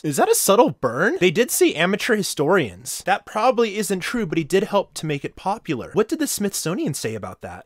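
A man's voice: on the high side, no room sound, clean studio sound. A man hosting a video, reading articles aloud and joking playfully between lines. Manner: playful, wisecracking and animated. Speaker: video host.

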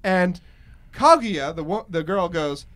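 Excitable high-voiced male podcast host. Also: takes it slowly. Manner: excitable, laughs often, animated storyteller. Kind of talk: casual podcast chat.

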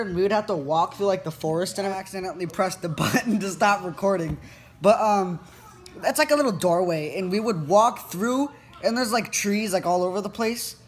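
A teenage boy vlogging, retelling an incident in a rambling way full of fillers. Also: high-pitched. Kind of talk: casual storytelling to camera.

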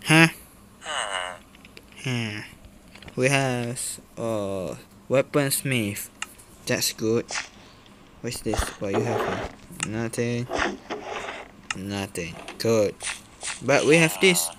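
Slow-talking man with broken English. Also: mid-range voice, lively intonation, background noise. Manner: broken, hesitant non-native English with fillers; talks to game characters, swears when frustrated. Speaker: gameplay commentator. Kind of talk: casual gameplay commentary.

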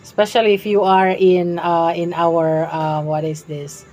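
A young Filipino woman with a Visayan accent chats with her stream viewers, giggly and unhurried. Her voice sits a little low and she takes her time, with faint game music underneath. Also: level tone, darkish tone. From Visayas, Philippines. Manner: chatty, giggly, talks to viewers. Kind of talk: casual live-stream chat while playing.

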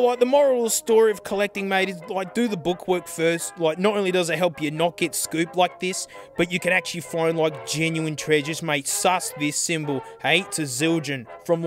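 A young man hosting a drum vlog, talking casually and excitably, going from low mutters to loud outbursts. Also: fairly quick, few pauses, soft background music. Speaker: drum channel host.

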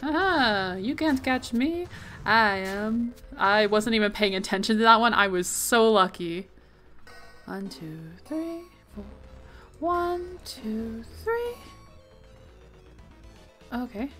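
A woman's voice: a little high, lively intonation, takes it slowly, pauses often, a bit bright, soft background music. A young woman giving let's play commentary, reading game text aloud and reacting with worried exclamations. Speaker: gaming video host.

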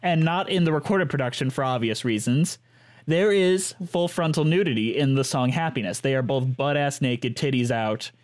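A man's voice: mid-range voice, moderate pace. A man co-hosting a podcast, chatty and swearing freely, laughing as he talks. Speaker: podcast co-host. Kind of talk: casual chat.

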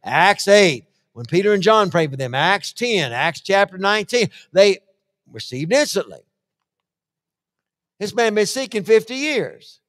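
A man preaching a sermon, swinging from hushed asides to shouted lists and acting out the voices he quotes. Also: sits high, sing-song, measured pace. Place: church hall. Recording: long church-hall reverb.

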